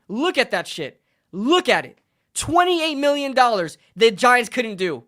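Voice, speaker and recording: A man's voice: very high-pitched, sing-song, unhurried, fairly bright tone. Man ranting heatedly about his football team. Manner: heated, profane, repeats lines for emphasis. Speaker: sports fan streamer. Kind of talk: live sports reaction rant.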